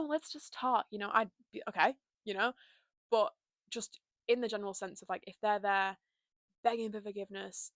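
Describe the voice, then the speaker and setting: A woman's voice: mid-range voice, a bit bright, no echo. A young woman chatting casually and openly to camera from her bedroom, full of "like" and "you know". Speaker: vlogger. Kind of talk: casual confessional chat.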